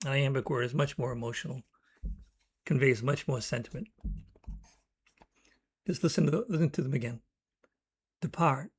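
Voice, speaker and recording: A man's voice: medium pitch, slightly rough. A man explaining how he writes poems in a thoughtful, teaching manner, reading out short word examples. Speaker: poetry teacher. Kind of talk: educational talk.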